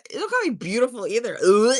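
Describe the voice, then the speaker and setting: A woman's voice: on the high side, very animated, fast talker, darkish tone, dry recording, studio quality. A woman in her fifties hosting a casual livestream, reading and answering viewer comments in a blunt, sassy way full of swearing. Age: 50s. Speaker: livestream host.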